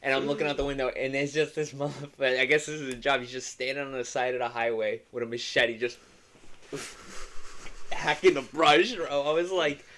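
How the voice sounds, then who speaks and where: A man's voice: medium pitch, fairly even intonation, brisk, a bit bright. Young man swapping crude stories. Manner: loose storytelling, swearing, laughing often. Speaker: podcast co-host. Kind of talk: casual chat.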